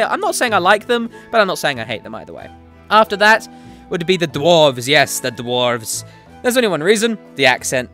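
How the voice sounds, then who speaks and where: A man hosts a gaming show, sharing his opinions solo in a casual, jokey tone with apologetic asides. His voice is a little high, pushed, and bright.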